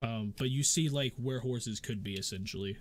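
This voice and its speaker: A man's voice: mid-range voice, normal speed. A man narrating as game master of a tabletop game, rambling with many fillers.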